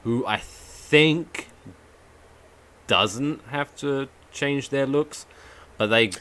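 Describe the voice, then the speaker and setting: A man co-hosting a podcast in casual chat, telling stories in an animated way with swearing and asides. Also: medium pitch, drawn-out words, clear, resonant tone. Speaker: podcast co-host.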